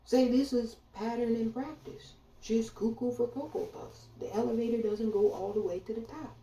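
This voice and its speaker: A woman rants about politics in a blunt, indignant monologue and talks right at her audience. Her voice is dark and gravelly with a mellow low end. She sits away from the mic in a roomy, echoing space. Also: steady tone, moderate pace, far from the mic. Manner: blunt, indignant, profane, addresses listeners directly. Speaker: political commentator. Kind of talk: ranting monologue. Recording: echoey room, voice off-mic.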